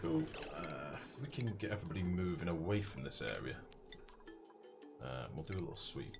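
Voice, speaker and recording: A man's voice: deep voice, very animated, moderate pace. A man commentating casually on a live game stream, chatty, profane and self-mocking. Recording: music playing behind.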